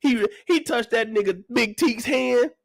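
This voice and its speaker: Young man, reaction host: high, bouncy voice, rowdy and profane, close dry mic. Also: unhurried, vocal fry, no echo. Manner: loud, animated, joking, profane, breaks into laughter. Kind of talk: reaction commentary.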